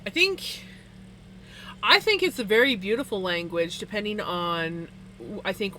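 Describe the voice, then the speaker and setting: A giggly woman laughs often between words as she chats casually with livestream viewers while spinning wool. Her voice is medium-pitched, pushed and bright, heard through a streaming setup in a low-quality recording with a little hiss or hum.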